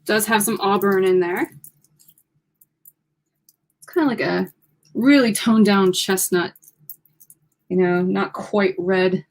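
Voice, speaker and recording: A woman's voice: mid-range voice, slow pace, long pauses. A woman co-hosting a casual livestream, chatting upbeat and giggly while she models and describes wigs. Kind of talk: casual livestream product demo.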